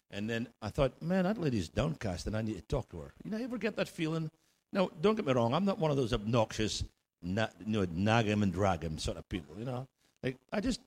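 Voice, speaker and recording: A man preaching as a guest in a church, jokey and rousing, calling for amens. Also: medium pitch. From Scotland. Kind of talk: sermon.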